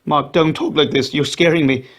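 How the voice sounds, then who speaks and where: Male reader doing a raised-pitch, tearful, pleading woman for an audio story. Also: steady tone, moderate pace, natural voice.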